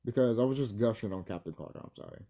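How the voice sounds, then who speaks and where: A man's voice: on the low side, lively intonation, very fast, vocal fry, warm tone. A man vlogging casually, rambling and swearing, laughing easily and stumbling over his words. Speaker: video creator.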